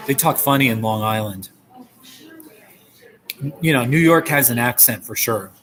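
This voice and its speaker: A man's voice: medium pitch, unhurried, fairly bright tone, low-quality recording. Chatty man with a New Jersey accent. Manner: chatty, joking, reads viewer comments. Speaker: live streamer. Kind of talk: casual live-stream chat. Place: coffee shop.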